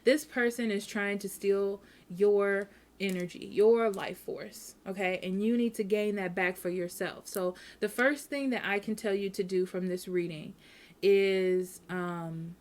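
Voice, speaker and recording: A woman's voice: medium pitch, fairly even intonation, a little slow, darkish tone. A woman giving a casual tarot reading at home, speaking frankly and repeating herself, often checking in with "okay?". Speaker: tarot reader.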